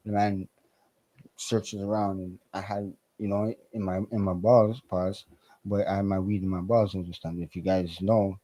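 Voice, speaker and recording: A man tells his stories loose and profane, his voice mellow and dark. He acts out the other people in his tales, snapping between his own talk and theirs. The sound is close and dry, with no room around it. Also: low-pitched, level tone, moderate pace, no echo, rough recording. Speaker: podcast guest. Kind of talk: casual storytelling.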